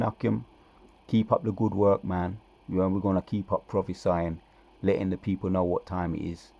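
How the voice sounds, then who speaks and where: Gravelly low-voiced man preaching scripture. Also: steady tone, mellow, highs cut off. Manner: reads verses slowly then comments with frequent "right?" and "man". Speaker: scripture teacher.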